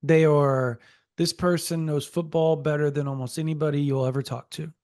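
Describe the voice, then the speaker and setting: A man co-hosting a sports podcast, telling a story in a casual, animated way and relaying a source's quotes. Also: on the high side, normal speed, no room sound, studio quality. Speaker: podcast co-host.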